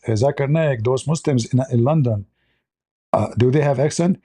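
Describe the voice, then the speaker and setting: A man's voice: medium pitch, moderate pace, mellow. A man hosting a live commentary show, blunt and sarcastic, speaking in broken English grammar. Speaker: host.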